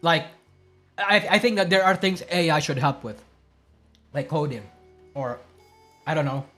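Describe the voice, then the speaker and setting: Brief: high-pitched male streamer, blunt and profane, rambling rant over faint music. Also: expressive, a little slow, a bit bright. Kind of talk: casual reaction stream commentary.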